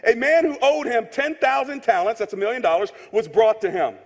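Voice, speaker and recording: A male pastor delivers a sermon with a notably high voice for a man, mixing jokes into a chatty style and hammering key phrases through repetition. His words ring out with the long reverb of a large church hall. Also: a little fast. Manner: conversational, joking, repeats key phrases for emphasis.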